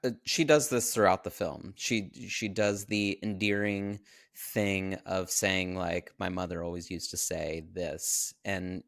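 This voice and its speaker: A man with a low, gravelly voice, co-hosting a podcast and chatting loosely about a film. He fills his talk with likes and you-knows. The sound is dry and close. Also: fairly even intonation, measured pace, a bit bright, no room sound. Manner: loose, filler-heavy commentary. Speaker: podcast co-host. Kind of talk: casual chat about a film.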